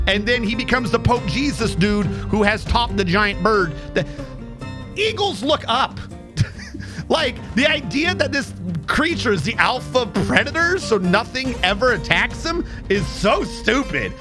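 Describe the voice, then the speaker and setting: High-pitched, animated profane game streamer man. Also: normal speed, over music. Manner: profane, animated storytelling, counting under his breath. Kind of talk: casual rambling commentary while playing a game.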